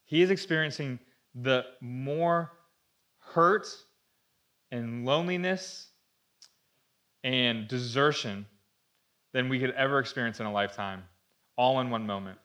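A man's voice: mid-range voice, unhurried, long pauses, fairly bright tone. A man preaching a sermon to a room, earnest and conversational, asking rhetorical questions as he explains. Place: room with an audience.

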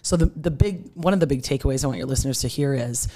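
Lady with a low voice explaining fuel sources on a podcast, lively, does little quoted voices. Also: quick pace. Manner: energetic, explanatory, acts out the body's voice in quotes. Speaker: nutrition therapist guest. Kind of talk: podcast interview.

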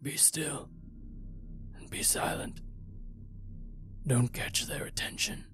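A weary male stranger, put on by a man narrating a horror story, speaks in slow, quiet warnings that come out a little higher than the narrator's own voice. He sounds resigned and sorrowful. Faint music runs under his lines. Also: fairly even intonation. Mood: hushed warning.

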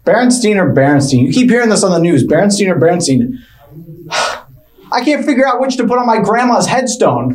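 Rambling, hesitant stand-up comedian man. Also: high voice. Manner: rambling, hesitant, full of fillers and restarts, mock-awkward. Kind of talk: stand-up routine.

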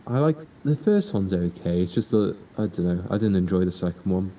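A teenage man co-hosting a podcast, talking in a dry, deadpan way in a casual chat. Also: brisk, highs cut off. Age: teens. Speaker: podcast co-host. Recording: distant mic with faint rumble.

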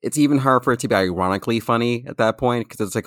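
A man's voice: medium pitch, racing, dry recording, studio quality. A man on a casual podcast, rambling with lots of "like" and restarts, sometimes jumping into jokey voices. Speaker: podcast co-host or guest. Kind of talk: casual chat.

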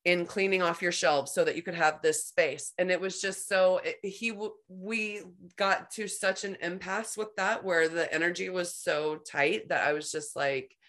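A woman hosting a podcast, telling a personal story in a rambling, animated way, full of "like". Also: on the low side, moderate pace. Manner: rambling, heavy use of "like", animated retelling. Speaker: podcast host. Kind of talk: conversational storytelling.

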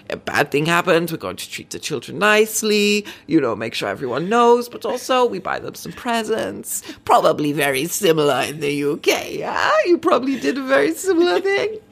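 A woman's voice: fairly low pitch, big pitch swings, moderate pace, creaky, hardly any pauses, husky, pitched above the performer's own voice, heavily acted. A woman putting on a Norwegian accent to play an arch, patronizing police chief. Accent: put-on Norwegian. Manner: arch, patronizing, breaking into laughter.

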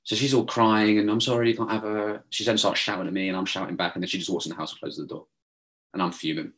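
Man, young adult, very low voice, rapid delivery, animated storyteller. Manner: animated, mimics others in quotes, swears freely. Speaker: podcast co-host. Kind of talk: casual storytelling chat.

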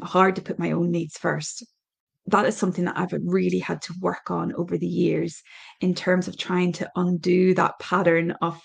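Irish woman, middle-aged, solo podcast host; husky, creaky delivery, thoughtful and halting. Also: fairly low pitch. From Ireland. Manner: thoughtful, hesitant with many ums and restarts. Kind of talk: reflective solo podcast talk.

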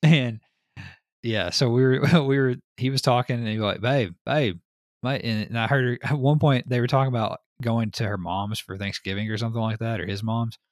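A man hosting a podcast in casual chat, telling stories in an animated way, laughing often and swearing casually. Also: mid-range voice, fairly quick, no room sound, studio quality. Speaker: podcast host.

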